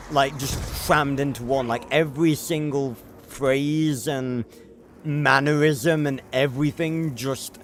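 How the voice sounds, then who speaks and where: A man's voice: mid-range voice, slight background noise. Chatty young British man. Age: young adult. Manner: rambling, self-correcting, chatty. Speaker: game streamer. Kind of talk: casual livestream chat.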